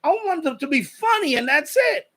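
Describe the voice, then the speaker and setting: High-voiced man rambling on a stream. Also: very animated, normal speed, fairly bright tone. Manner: rambling, repeats himself, reads viewer comments aloud. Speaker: live stream host. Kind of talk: casual chat with live viewers.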